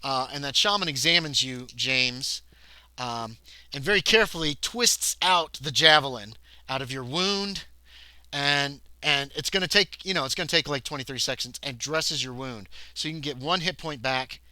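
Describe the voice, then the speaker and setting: Bright-voiced male game master. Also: mid-range voice, expressive, moderate pace, no room sound. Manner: chatty, breaks into loud shouted character voices. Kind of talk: narrating a tabletop horror game.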